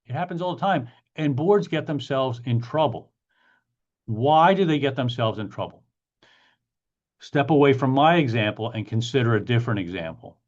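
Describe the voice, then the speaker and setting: Middle-aged male lawyer host, mid-pitched, emphatic and repetitive, dull lo-fi stream sound. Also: lively intonation. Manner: emphatic, repeats key points, acts out clients in quick asides. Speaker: attorney hosting a monthly Q&A. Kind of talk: casual explanatory talk answering chat questions.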